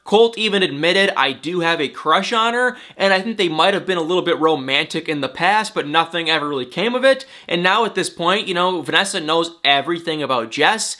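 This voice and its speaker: A man's voice: a little high, bright, forceful tone. A man recapping a reality show episode for his viewers, fed up and emphatic as he rants about a cast member. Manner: exasperated, emphatic, talks straight to viewers. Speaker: celebrity gossip vlogger.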